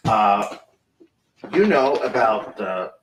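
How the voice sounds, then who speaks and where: An actor playing a hesitant male film director who tells an anecdote in halting bursts, full of restarts and fillers. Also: lowish voice, sing-song, a little hiss or hum, full character voice. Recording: roomy, distant mic.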